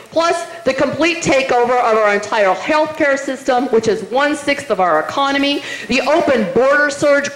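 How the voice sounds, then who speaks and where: A woman's voice: high voice, animated, normal speed, few pauses. A middle-aged woman giving a rousing, emphatic political rally speech in a meeting room, firing rhetorical questions at the crowd. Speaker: political speaker. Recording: roomy hall, faint noise.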